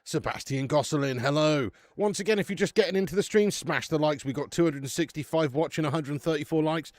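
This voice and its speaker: A man's voice: a little high, brisk, dry recording. A man hosting a casual football watch-along stream, chatting with the live chat and swearing casually.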